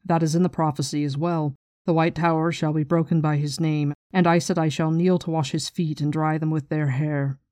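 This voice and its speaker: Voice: mid-range voice, little pitch movement, normal speed, a little mellow, no echo, studio quality, natural voice. A reader voicing a proud ship captain woman. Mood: formal. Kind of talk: reading a novel passage aloud.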